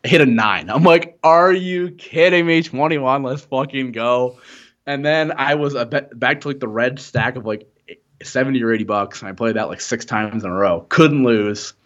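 A man's voice: medium pitch, a little fast, fairly bright tone, dull audio. A young man co-hosting a podcast, telling a long story in a rambling, profane, laughing way. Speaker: podcast co-host. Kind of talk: casual storytelling chat.

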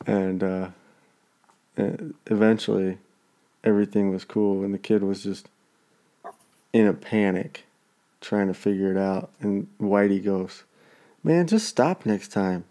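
A man's voice: low-pitched, completely flat delivery, a little slow, pauses often, dark tone. A man telling a neighborhood story in casual chat, acting out the people he quotes.

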